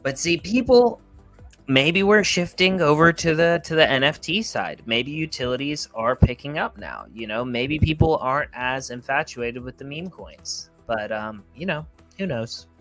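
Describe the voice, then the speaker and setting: A man's voice: on the high side, lively intonation, moderate pace, fairly bright tone, soft background music. A man co-hosting a casual crypto livestream, rambling and playful as he tells stories. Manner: loose, rambling, playful storytelling. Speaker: crypto show co-host.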